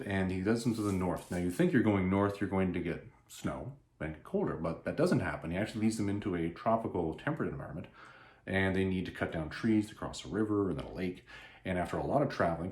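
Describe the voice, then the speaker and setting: A man with a low voice casually recaps a comic book story, rambling and animated with a lively swing of pitch. He often trips over and restarts his words. The sound rings in an echoey room. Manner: animated, rambling, self-interrupting. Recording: roomy echo.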